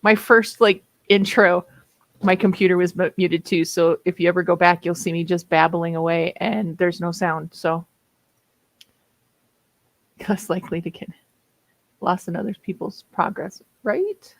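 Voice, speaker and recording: Chatty Minnesota woman with gravelly voice. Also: lowish voice, fairly even intonation, unhurried, dry recording, poor audio. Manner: chatty, laughs often, stretched vowels. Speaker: author hosting writing sprints. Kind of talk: casual livestream chat.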